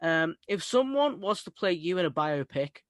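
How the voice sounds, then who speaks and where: A young man hosting a casual music interview. His voice sits a little high, and he is eager and informal, full of fan-like enthusiasm. The sound is dry, with no room. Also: very animated, moderate pace, a bit bright, no echo. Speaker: interview host.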